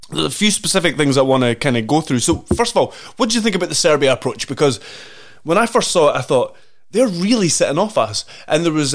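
A Scottish man hosting a podcast, drunk and laid-back, swearing as he talks football. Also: mid-range voice. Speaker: podcast host. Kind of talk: casual football chat.

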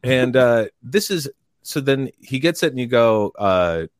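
A man telling a long story in casual chat, rambling and animated, and bursting into loud quoted lines. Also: mid-range voice, measured pace, clear, resonant tone, dry recording, clean studio sound. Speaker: podcast guest telling a story.

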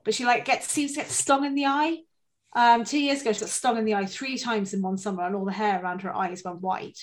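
A woman's voice: fairly high pitch, fairly quick, a little hiss or hum. Chatty, swearing mother. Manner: chatty, swears freely, animated storytelling. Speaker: podcast co-host, mother. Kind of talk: casual chat.

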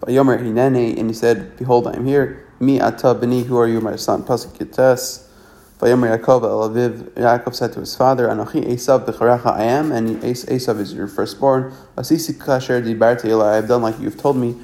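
A man reads scripture aloud and translates it line by line, in a lesson. His voice is gravelly and dark, with a rough fry underneath. He pauses often, corrects himself, and restarts half-finished words. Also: mid-range voice, fairly even intonation. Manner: halting, self-correcting reading with many restarts. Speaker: Torah study reader. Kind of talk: reading and translating scripture verse by verse.

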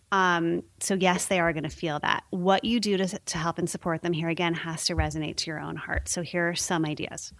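A woman's voice: on the low side, no echo. A woman explaining infant sleep habits in a casual chat, often acting out little voices for babies and parents. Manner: warm explanatory, acts out baby and parent voices. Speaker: sleep consultant guest.

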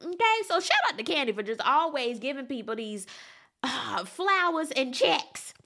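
A woman with a bright, fairly high voice gives a sassy, casual recap of a reality show. Her pitch swings widely as she throws in emphatic asides to whoever is watching. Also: very animated, normal speed, creaky.

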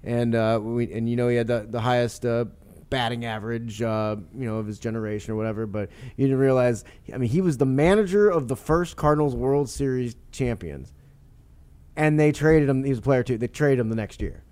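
A man telling stories as an author guest on a podcast, animated and rambling, with frequent laughs and restarts. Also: medium pitch, brisk, clean tone. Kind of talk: podcast interview storytelling.

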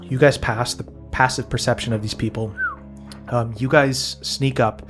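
A man narrating as game master of a tabletop game, relaxed and full of fillers, breaking into laughs, with soft music behind. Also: mid-range voice, normal speed.

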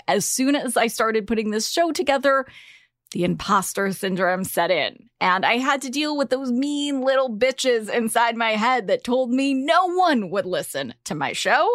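A woman's voice: a little high, dry recording, studio quality. A woman hosting her own podcast, talking in a candid, emphatic and playful way. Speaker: podcast host. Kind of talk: scripted podcast monologue.

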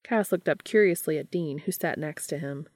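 A woman narrating a fan fiction audiobook in a calm, even storytelling manner. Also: low-pitched, normal speed, no room sound, clean studio sound.

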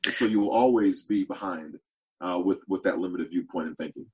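Earnest, low-voiced man as a podcast guest. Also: a little fast, a little mellow, poor audio. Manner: earnest, repeats words while thinking aloud. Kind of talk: reflective interview talk.

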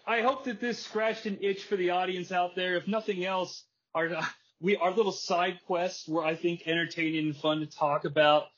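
A man with a husky, fairly high voice talks as a podcast host, spinning an animated story and dropping in quick impressions. The audio is dull and lo-fi. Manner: animated storytelling, acts out wrestler quotes and laughs often. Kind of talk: casual chat.

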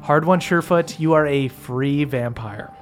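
Game master, man, slightly high voice, loose narration. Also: normal speed, faint music behind. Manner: casual, many "uh" fillers, swearing.

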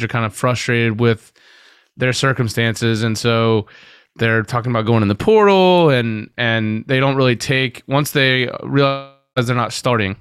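Smooth-voiced podcast man, dry sound. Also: medium pitch, a bit bright, no room sound. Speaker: podcast co-host. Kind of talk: casual sports chat.

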